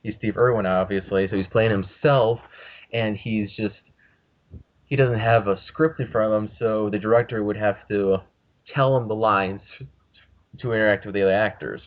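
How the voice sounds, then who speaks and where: A man's voice: lowish voice, steady tone, normal speed. A man hosting a casual podcast, rambling and swearing freely as he talks. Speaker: podcast host. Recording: muffled lo-fi audio.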